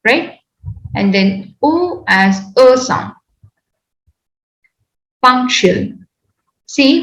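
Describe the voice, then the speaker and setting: A woman with an Indian English accent teaching a phonetics class, drilling words slowly and repeating each one for her students. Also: a little high, roomy sound, low-quality recording. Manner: slow, deliberate, repeats words for pronunciation drills. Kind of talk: online phonetics lecture.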